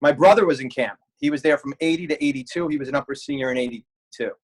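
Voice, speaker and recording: A man's voice: a little high, quick pace, husky, rough recording. A man in his forties, a camp alumnus, telling old stories in an interview with dry humor. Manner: wry, storytelling with humor. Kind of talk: reminiscing interview answers.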